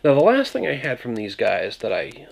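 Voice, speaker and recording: A man's voice: medium pitch, huge pitch swings, moderate pace, gravelly. A man from Maine with a Maine accent, casually reviewing a cider in a rambling, jokey way. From Maine, USA. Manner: rambling, jokey, self-interrupting.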